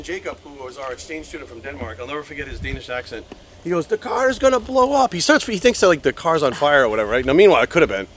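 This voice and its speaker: A man in his forties tells an animated story outdoors by a road, swearing freely as he goes. His voice sits a little high for a man. Faint traffic and outdoor noise run behind him. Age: 40s. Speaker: vlogger. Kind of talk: casual storytelling vlog.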